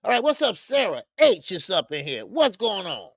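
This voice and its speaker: A man's voice: high voice, wildly swooping pitch, normal speed, a bit bright, dry recording, clean studio sound. A man hosting a casual boxing talk livestream, slangy and rambling, greeting chat viewers by name and stumbling into stammered restarts. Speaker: boxing show host. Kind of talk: casual live-stream talk.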